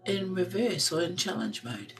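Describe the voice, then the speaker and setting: Soft-spoken woman giving a card reading. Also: lowish voice, very animated, far from the mic, music in the background, rough recording. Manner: soft, slow and meditative, reading card text aloud. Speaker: intuitive card reader. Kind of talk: live tarot-style card reading.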